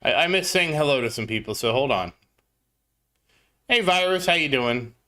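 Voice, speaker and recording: A man's voice: on the high side, lively intonation, moderate pace, pushed and bright. A man streaming a mobile game, chatting casually as he plays and greeting viewers in chat by name. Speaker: gaming livestreamer. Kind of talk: casual gameplay commentary.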